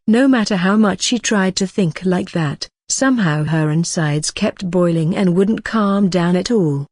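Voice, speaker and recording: Audiobook narrator, mid-pitched, steady matter-of-fact read, dry close sound. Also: normal speed, few pauses, dry recording. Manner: even, matter-of-fact reading. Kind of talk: scripted narration.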